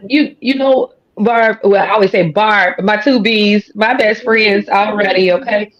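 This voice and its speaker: A woman's voice: medium pitch, fairly even intonation, measured pace, lo-fi sound, a crowd in the background. A woman with a country twang talking as a podcast guest, folksy and emphatic with a drawl. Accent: American country twang. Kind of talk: casual conversation. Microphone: studio or podcast mic.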